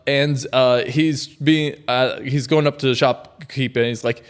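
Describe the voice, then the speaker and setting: A man co-hosting a casual podcast, retelling a horror movie with lots of swearing and animated energy. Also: mid-range voice, measured pace, smooth. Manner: animated, profane storytelling with acted quotes. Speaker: podcast co-host.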